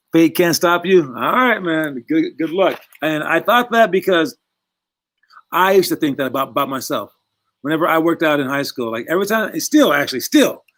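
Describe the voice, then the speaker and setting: A man's voice: fairly high pitch, fairly bright tone. A young man coaching his basketball players in a casual, rambling talk full of little asides. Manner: chatty, rambling, acts out voices in quotes.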